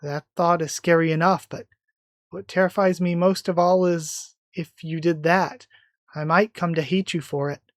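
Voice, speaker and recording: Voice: medium pitch, fairly even intonation, moderate pace, dry recording, close to an everyday voice. A reader voicing a tender, devoted young woman, her lines read aloud from a comic in a plain voice. The recording is close and dry.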